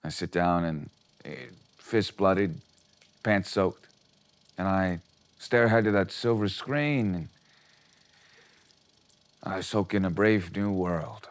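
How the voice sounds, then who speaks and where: A man's voice: mid-range voice, lively intonation, a little slow. An actor playing an old man in a comic short film, spinning a theatrical tall tale about his first trip to the movies. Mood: hushed. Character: rambling old man recalling early cinema. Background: music.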